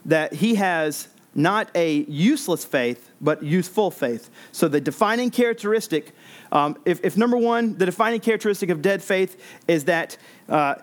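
A man's voice: high-pitched, expressive, normal speed. A man preaching an expository sermon, earnest, repeating words and restarting as he explains.

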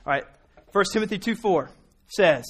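A man's voice: high voice, lively intonation, moderate pace, a bit bright, slightly rough. A man in his thirties giving an informal sermon as a Bible teacher, earnest and rambling, with many restarts and fillers.

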